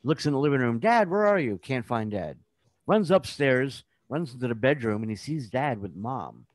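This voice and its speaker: A man in a casual online meeting, telling a joke with lively delivery and squeaky character voices. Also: moderate pace, no room sound. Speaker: meeting participant.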